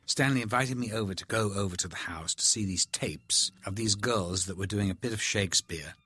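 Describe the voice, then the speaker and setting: A man with a husky, low voice talks through a film commentary. He tells candid anecdotes with animated energy. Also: brisk, no room sound. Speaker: actor giving film commentary.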